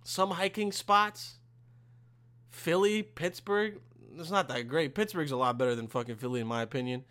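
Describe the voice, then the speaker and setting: A young man hosting his own podcast, ranting casually to the camera in a profane, rambling way with loud bursts of exasperation. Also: high-pitched. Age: young adult. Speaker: podcast host.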